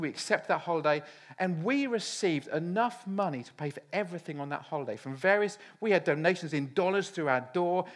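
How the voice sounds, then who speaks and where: A man, preaching a sermon and telling stories about his family in a lively, self-deprecating way. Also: high voice. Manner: animated storytelling, self-deprecating. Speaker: pastor.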